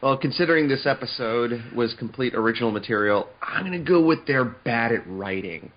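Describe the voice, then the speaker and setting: A man co-hosting a casual podcast chat, sarcastic and quick to laugh. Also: mid-range voice, expressive, highs cut off. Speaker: podcast co-host.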